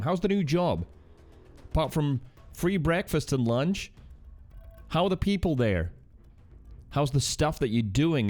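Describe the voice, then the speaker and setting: A man's voice: medium pitch, a little mellow. A man streaming from home, chatting casually with viewers and reading chat aloud with teasing banter.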